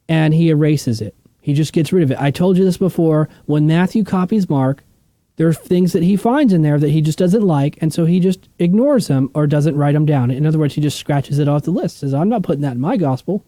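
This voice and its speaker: A man's voice: on the high side, warm tone, dry recording. A man teaching a Bible study in a casual, emphatic, conversational way, often checking in with his listeners.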